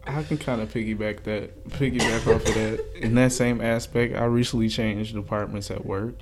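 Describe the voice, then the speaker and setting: A man's voice: lowish voice, steady tone, normal speed, noisy background. A man co-hosting a casual chat podcast, telling stories in a loose, profane, laid-back way. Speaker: podcast co-host.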